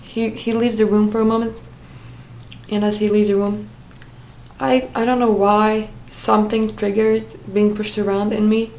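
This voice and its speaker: Flat-voiced young woman, halting storytelling. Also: mid-range voice, rough recording. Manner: halting, often searching for words. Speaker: vlogger. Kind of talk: casual personal storytelling.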